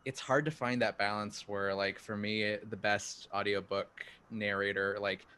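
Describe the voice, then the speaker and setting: A man's voice: on the low side, steady tone, a little slow, pushed and bright, smooth. Jokey man co-host thinking aloud. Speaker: podcast co-host. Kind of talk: casual podcast chat.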